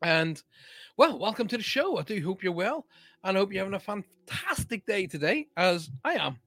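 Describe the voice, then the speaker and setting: A man's voice: high-pitched, big pitch swings, normal speed, a bit bright, no room sound. A man hosting a live-streamed show, chatting casually and reading out viewer comments in an upbeat way.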